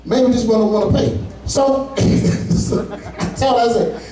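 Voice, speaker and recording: A man's voice: very high voice, unhurried, warm tone. A man doing a stand-up comedy set, telling loose, profane stories with asides to the audience. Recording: echoey room, far from mic.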